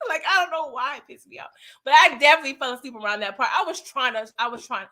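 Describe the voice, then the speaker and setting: Bright-voiced animated woman chatting on a livestream. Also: high-pitched, fast. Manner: animated, laughing often, slangy and playful. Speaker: livestream host reading chat comments. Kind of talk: casual late-night chat.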